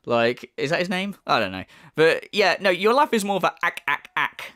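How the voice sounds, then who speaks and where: Man, mocking commentary, lively swooping voice, slightly high. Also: brisk. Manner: mocking, swearing, laughing. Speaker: YouTuber responding. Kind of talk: casual commentary.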